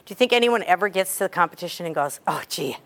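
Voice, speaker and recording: A woman's voice: lowish voice, very fast. Chatty older woman coaching cheer. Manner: animated storytelling, chatty. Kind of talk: coaching talk to a group.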